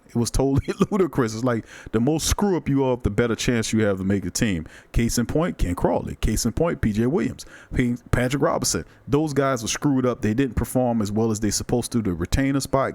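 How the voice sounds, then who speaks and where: A man hosting a live sports podcast in casual chat, loose and animated as he reads viewer comments aloud. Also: mid-range voice, no echo. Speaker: podcast host.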